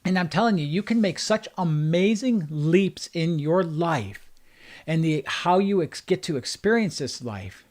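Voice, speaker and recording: A man's voice: fairly high pitch, animated, measured pace, a little mellow. A man who works as a life coach, giving an earnest motivational talk on a livestream and driving points home with repeated phrases. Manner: earnest, repetitive emphatic phrasing.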